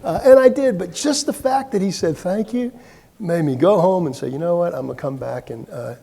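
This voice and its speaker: A man's voice: sits high, expressive, fairly quick, creaky, dark tone, slightly rough, big-room sound. A middle-aged man giving a keynote speech, telling anecdotes in a conversational way with fillers and restarts. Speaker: keynote speaker. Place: large meeting hall.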